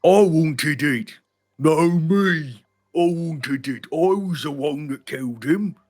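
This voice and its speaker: A man voicing quarrelling, hungry male ogres in a tabletop game, putting on a deep, gruff voice. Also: a little mellow. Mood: squabbling. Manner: gruff, deliberately deep put-on voice. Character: hungry brutish male ogres arguing over meat.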